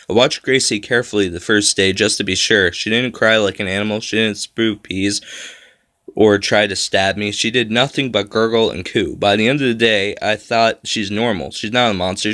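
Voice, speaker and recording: Lower-voiced man reading a spooky story. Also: a bit bright, dry recording, studio quality. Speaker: narrator. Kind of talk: first-person storybook reading.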